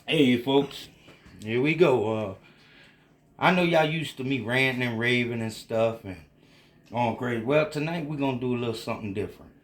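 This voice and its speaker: A man's voice: mid-range voice, moderate pace, reverberant. A tipsy man with a Louisiana Cajun accent, cooking and rambling in a folksy, drawling way for a casual cooking vlog. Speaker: home cook.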